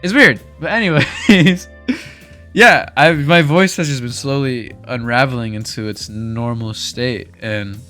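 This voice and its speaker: A young man chatting casually over gameplay, speaking softly, rambling candidly and laughing often into a desk mic. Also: mid-range voice, a little slow, soft background music. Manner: speaks softly while recording. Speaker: gaming video creator. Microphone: desk microphone.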